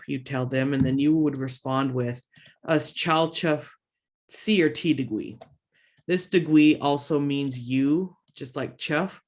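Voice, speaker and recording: A woman teaching a language lesson online through a computer mic, slowly repeating words for learners and adding chatty asides in between. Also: a bass voice. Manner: slow drawn-out word repetitions for learners; chatty asides with self-teasing.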